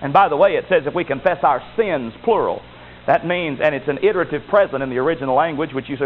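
A man preaching a sermon with emphatic delivery, rising to loud exclamations and dropping to low asides. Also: fast. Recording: tinny phone-like sound with faint noise.

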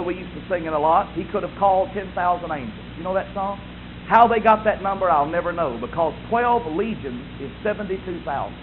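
A man preaching a sermon, building to loud impassioned peaks and then dropping to soft, quiet lines. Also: high voice, slight background noise. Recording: dull lo-fi sound with faint ambience.

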